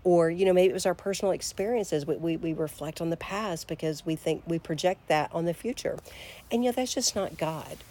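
A woman with a lowish, warm, mellow voice guides listeners through a devotional talk and prayer. She speaks conversationally and reflectively, at times dropping to hushed tones. Faint background noise sits under the recording. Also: a little fast.

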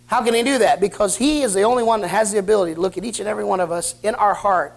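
A man's voice: high-pitched, very fast, vocal fry, few pauses. A man preaching a sermon in a church service, talking to his congregation. He tells it in a plain, folksy, down-to-earth storytelling way. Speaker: pastor.

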